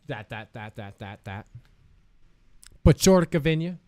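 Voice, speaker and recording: A man's voice: medium pitch, lively intonation, measured pace, a little mellow, dry recording, studio quality. A man streaming live, chatting casually with viewers in a playful, joking way, laughing often and swearing freely.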